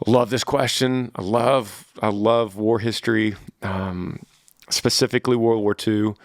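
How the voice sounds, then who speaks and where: A man in his thirties with a fairly low voice hosts a casual faith podcast. He answers listener questions in an earnest, sermon-like way and often repeats words as he gathers his thoughts. The recording is dry, close to the mic. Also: no room sound. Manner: earnest, preachy, repeats words while thinking.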